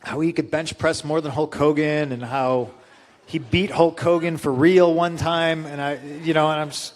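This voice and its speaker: A man in his forties tells a story to a convention crowd, casual and profane, laughing as he goes. His voice sits a little high for a man, and he is loose and lively. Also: unhurried. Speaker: guest.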